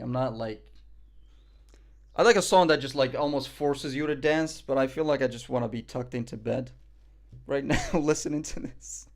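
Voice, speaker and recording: A man's voice: medium pitch, creaky. A man streaming live, reacting in casual chat; cocky, joking, profane and rambling.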